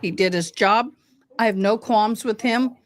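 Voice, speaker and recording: A woman's voice: mid-range voice, unhurried. A middle-aged woman hosting a livestream, giving blunt, chatty commentary on a court hearing straight to her viewers. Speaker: livestream host. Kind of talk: casual live commentary on a court stream.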